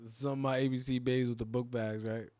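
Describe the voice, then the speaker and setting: A man hosting a podcast, talking in an animated, profane way and laughing often. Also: medium pitch, brisk, dry recording. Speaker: podcast host. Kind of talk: casual podcast chat.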